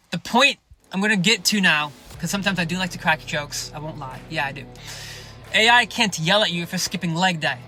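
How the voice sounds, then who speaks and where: Brash, profane high-voiced fitness coach. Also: male voice, fairly quick, pushed and bright, faint music behind. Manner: blunt, sarcastic, profane, keeps saying "you guys". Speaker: fitness coach and podcast host. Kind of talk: podcast monologue.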